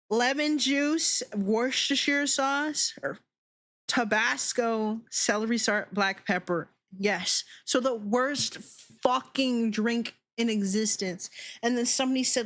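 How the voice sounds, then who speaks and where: A woman's voice: medium pitch, unhurried, a bit bright. A woman VTuber streamer in casual chat, ranting with lots of swearing and laughing often.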